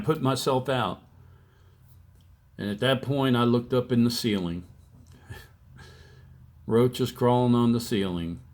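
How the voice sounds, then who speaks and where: A man in his sixties giving a plainspoken personal testimony, telling his story slowly and acting out the quotes. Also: mid-range voice. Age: 60s. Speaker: testimony speaker.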